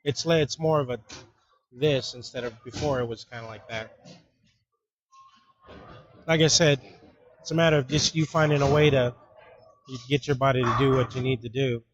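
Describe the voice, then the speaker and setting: A man coaching a bowler in casual practice chat, talking in a relaxed, rambling way with some playful teasing. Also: medium pitch, normal speed, long pauses, slight background noise, rough recording.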